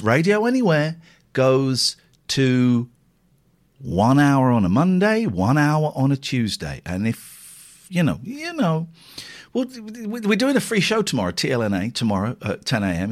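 A man hosts a live radio show in loose, casual chat. His pitch moves a lot, and he rambles and jokes, jumping from excited bursts to low mutters. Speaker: radio host.

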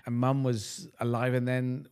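A middle-aged man from the United Kingdom, a guest talking in a rambling, animated, self-deprecating way. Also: medium pitch, unhurried, clear, resonant tone. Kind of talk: casual conversational interview.

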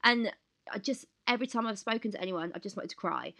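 A woman in her thirties co-hosting a podcast, hoarse from the flu and talking candidly in casual chat. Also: mid-range voice, fast. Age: 30s. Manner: candid, expressive, retells with acted quotes. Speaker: podcast co-host.

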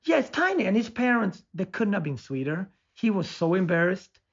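A man in a loose podcast chat, winding through a story with lots of restarts and fillers. His voice sits on the higher side for a man. The audio is muffled and lo-fi. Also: sing-song, normal speed, breathy edge. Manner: rambling storyteller with many restarts. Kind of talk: casual conversation.

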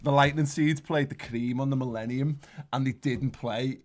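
A man's voice: mid-range voice, steady tone, moderate pace. Man with dry wry asides. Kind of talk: casual podcast chat.

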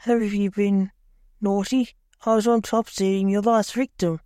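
A narrator voicing a stern, disgusted Grim Reaper king, a grown man, snapping at his son in a slow, low-key storybook reading. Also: level tone, dark tone, no echo, clean studio sound, natural voice. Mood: disgusted scolding.

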